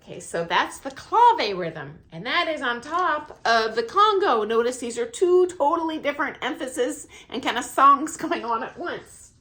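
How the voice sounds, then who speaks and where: A middle-aged woman, a dance teacher, explaining music counts in a casual, friendly way, with a high, light voice and frequent laughs. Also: lively intonation, moderate pace, few pauses, pushed and bright. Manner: counts beats aloud, self-deprecating, laughs often. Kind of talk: casual instructional talk. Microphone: camera mic, filming herself.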